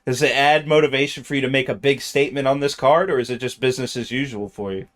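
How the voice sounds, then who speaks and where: A man's voice: medium pitch, fairly even intonation, fast, fairly bright tone. A man interviewing a fighter, earnest and eager, often stumbling and restarting his sentences. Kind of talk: interview questions.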